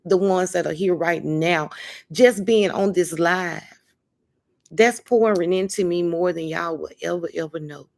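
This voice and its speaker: A woman's voice: lowish voice, measured pace, gravelly. Chatty woman hosting a live stream. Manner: warm, emphatic, calls viewers honey and baby. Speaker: livestream host. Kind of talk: casual livestream chat.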